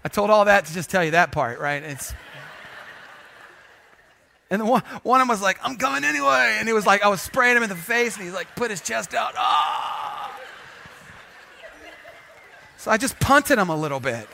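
Man, high voice, pastor, sermon, animated storyteller. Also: brisk, vocal fry, a little hiss or hum. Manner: animated, jokey storyteller, sudden loud bursts. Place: church.

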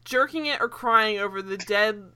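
A young woman casually chatting as a podcast co-host, animated and laughing, rambling with fillers and the odd swear word. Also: medium pitch, normal speed, clear, resonant tone. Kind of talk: casual chat.

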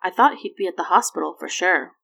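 A woman's voice: on the low side, expressive, brisk, gravelly, sharp tone, heavily acted. A woman voicing a young boy, an eager and then worried son, in a raised, boyish voice.

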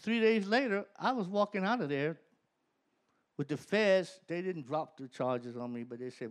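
A man with a high voice that swings up and down, giving his own testimony to a crowd. He tells it as a story, growing animated and laughing between phrases. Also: moderate pace. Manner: animated, grows excited, often laughs mid-sentence. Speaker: speaker giving a personal testimony.

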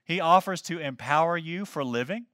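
Male pastor, sermon delivery, emphatic and earnest, bright voice, somewhat high for a man. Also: normal speed, no room sound, studio quality. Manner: reads scripture aloud with interjected comments.

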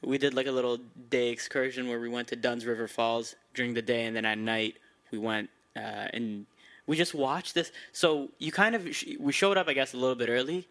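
A man's voice: mid-range voice, fairly even intonation, brisk, fairly bright tone. A man hosting a podcast, laid-back and agreeable in casual chat, recounting a trip. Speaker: podcast host.

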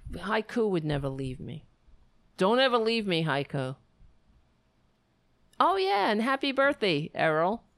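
In a very animated mid-range voice, a livestream host says goodbye to her viewers, rambling and venting warmly. She speaks a little slowly, with long pauses between thoughts. The recording is dry.

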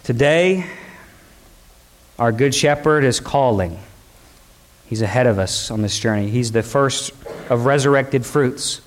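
A man preaching a sermon, building repeated phrases with emphasis and dropping at times to soft, intimate tones. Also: medium pitch, unhurried, pauses often. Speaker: pastor.

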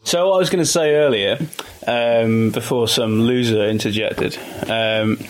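A man's voice: mid-range voice, a little slow, a little hiss or hum. Rambling enthusiastic man. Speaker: podcast co-host. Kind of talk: casual chat.

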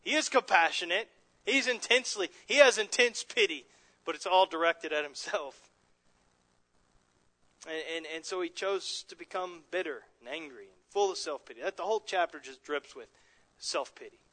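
Bright-voiced male pastor preaching. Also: sits high, lively intonation, moderate pace. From Southern California. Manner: earnest, with many restarts and soft chuckles. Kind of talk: sermon.

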